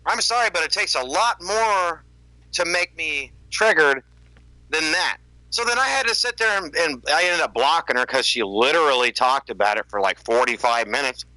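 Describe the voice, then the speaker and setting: A man with a very bright, fairly high voice tells stories on a casual podcast. He gets animated and mocks the voices of the people he quotes. The recording is dry and close. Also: normal speed, no echo, low-quality recording. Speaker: podcast co-host, YouTuber.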